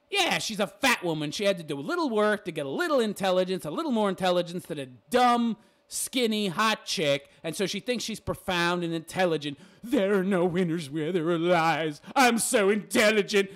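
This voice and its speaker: Male commentator, high voice, big swings in pitch, crude mocking rant. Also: a bit bright. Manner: crude and mocking, laughs at his own jabs. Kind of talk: ranting reaction commentary.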